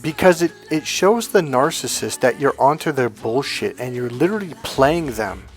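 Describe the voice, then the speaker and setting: Guy coach pumping you up, blunt, swears a lot, mid-pitched voice, faint music behind. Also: animated, moderate pace. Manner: emphatic and blunt, swears casually. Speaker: motivational coach. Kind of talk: motivational talk to camera.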